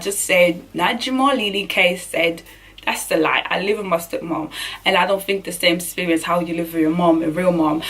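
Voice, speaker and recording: A woman's voice: fairly low pitch, distant mic. A young woman from Burundi telling a personal story in a vlog, earnest and emotional, often restarting her sentences. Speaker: vlogger.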